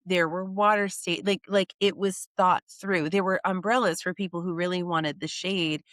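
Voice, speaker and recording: A middle-aged woman talks as a podcast guest in an animated, chatty way, full of quick asides. Her voice is bright and forward. The sound is close and dry. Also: fairly low pitch, no echo. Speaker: guest, wedding PR expert. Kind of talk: casual podcast chat.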